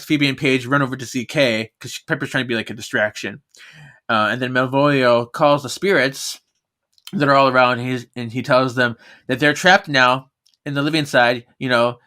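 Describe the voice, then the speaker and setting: A podcast co-host recaps a book in easygoing chat with a bright, mid-pitched voice. He laughs often and jumps into quick voices for the characters as he retells scenes.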